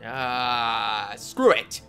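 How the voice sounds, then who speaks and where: A young man hosting a game play video, talking to viewers in a goofy way and breaking into loud yelps and yells. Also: medium pitch, drawn-out words, creaky. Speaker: gaming channel host. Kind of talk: let's play commentary. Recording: game music playing softly behind.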